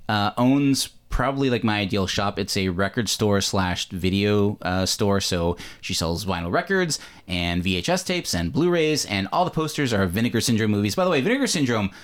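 A man's voice: fairly low pitch, animated, normal speed. A Canadian man hosting a podcast, chatting casually about a film with lots of fillers and self-corrections. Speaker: podcast host. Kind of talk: casual movie discussion.

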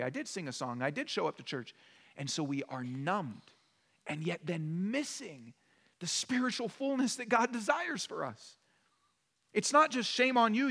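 A high, bright-voiced male pastor preaches with lively, animated delivery, acting out the voices in his stories. His voice rings out with a long church hall reverb behind it. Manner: animated, acts out quoted voices in a story. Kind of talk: sermon. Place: church sanctuary.

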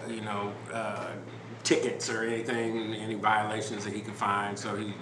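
A man hosting a podcast, telling a story in a relaxed, rambling way with lots of fillers and restarts. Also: fairly low pitch, normal speed. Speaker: podcast host. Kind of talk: casual storytelling chat. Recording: roomy with background noise.

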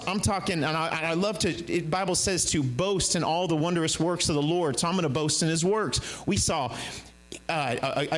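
A man preaching as a guest speaker, animated, with his pitch and pace rising and dropping widely. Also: low-quality recording. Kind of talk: sermon.

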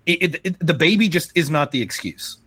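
Animated man telling a story. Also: on the high side, fairly quick, husky, no echo. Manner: animated storyteller, acts out quoted people, swears freely. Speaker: podcast co-host. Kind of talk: casual chat.

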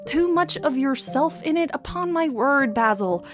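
A woman reading aloud as a languid, witty aristocratic Victorian gentleman with a theatrical, mocking drawl. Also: high voice, lively intonation, a little slow, faint music behind, pitched above the performer's own voice. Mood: amused, mocking. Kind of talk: dramatic reading.

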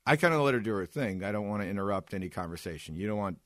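A man's voice: lowish voice, rapid-fire, dry recording, studio quality. A man co-hosting a casual podcast, telling an anecdote and acting out the people in it. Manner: animated storyteller, acts out quotes. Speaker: podcast co-host.

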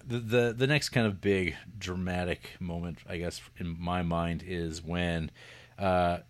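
A man casually retelling a film's plot in a rambling, joking way, slipping into quick voices for the characters. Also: deep voice, steady tone. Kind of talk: casual film discussion.

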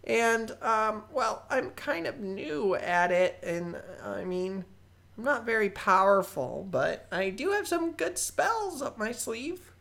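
An excitable young goblin sorcerer chatters in a high, squeaky voice, rambling nervously about his order. The tone is bright and tense, with a slow, halting pace between bursts. He sounds keen to please in a tabletop game. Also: gravelly, exaggerated voice. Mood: eager.

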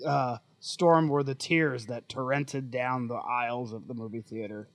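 A man's voice: medium pitch, steady tone, measured pace, no room sound. A man co-hosting a casual movie review podcast with a teasing, wry manner. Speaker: podcast co-host.

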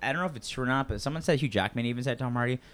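A man's voice: medium pitch, rapid-fire, a bit bright. Rambling, jokey man in casual chat. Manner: rambling, jokey, hesitant restarts.

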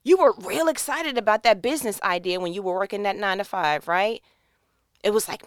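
A woman giving an animated, playful faith-based motivational monologue, speaking straight to the listener as if on a phone call. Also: mid-range voice, brisk, clean tone, no room sound, clean studio sound.

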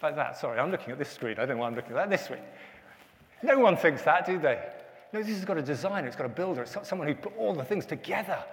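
Pastor guy chatting w kids at church, higher voice, long church echo. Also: lively intonation, fast, a little hiss or hum. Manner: chatty, asks children questions, many restarts. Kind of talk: family service talk.

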